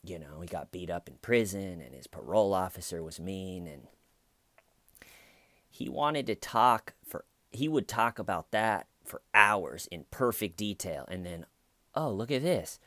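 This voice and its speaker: A man's voice: low-pitched, expressive, a little slow, pushed and bright, no room sound. A man hosting casual true-crime commentary, sarcastic and profane, mimicking the people he talks about. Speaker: commentary channel host.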